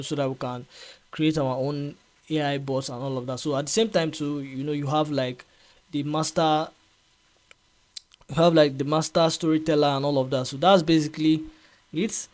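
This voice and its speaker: A man explains software in a casual screen-recorded tutorial, his voice sitting a little higher than most men's. He talks in a loose, repetitive way, filling gaps with "um" and checking in with "right?". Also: steady tone, normal speed. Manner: chatty, repeats himself, frequent fillers and "right?" checks. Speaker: tutorial host.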